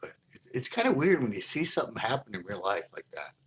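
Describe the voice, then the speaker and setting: A middle-aged man hosting a fishing channel, telling a long story in a rambling, animated way full of fillers. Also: mid-range voice, fast, slight background noise. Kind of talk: casual livestream storytelling.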